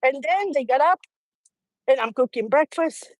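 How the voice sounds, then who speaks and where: A middle-aged woman, a guest on a talk show, telling a family story in a lively way, laughing often and acting out what people said. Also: sits high, normal speed, no echo. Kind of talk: conversational storytelling.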